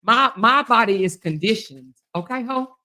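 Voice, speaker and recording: A middle-aged woman hosting a livestream, trash-talking with loud profanity and taunts while she exercises her arms. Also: a little high, animated, normal speed. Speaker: livestream commentary host.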